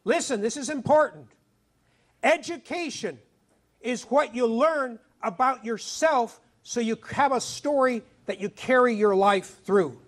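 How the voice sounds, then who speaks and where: A man's voice: very high-pitched, unhurried, few pauses. A middle-aged man giving an emphatic storytelling talk to a school audience, acting out the dialogue. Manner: animated, emphatic, acts out dialogue. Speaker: author speaking at a school.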